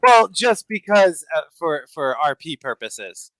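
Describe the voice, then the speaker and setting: A man playing in a tabletop role-playing game, hesitant and self-deprecating, with sudden excited jumps in his voice. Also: a little high, unhurried, no room sound. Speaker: player.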